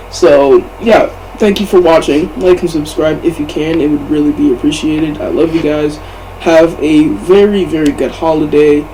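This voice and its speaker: A man's voice: a little high, dark tone, a little hiss or hum, poor audio. A young man in his teens telling a storytime vlog in a casual way, full of swearing and fillers. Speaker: vlogger.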